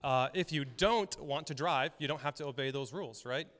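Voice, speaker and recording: A man's voice: fairly high pitch, normal speed, fairly bright tone. Man pastor preaching in a reverberant hall. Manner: storytelling, conversational, laughs often. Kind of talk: sermon. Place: church hall.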